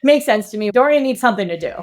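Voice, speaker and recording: A woman co-hosting a book club podcast, reading a plot summary and then chatting in an animated way, laughing and swearing. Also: a little high, rapid-fire. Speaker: podcast co-host. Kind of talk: read summary and casual book chat.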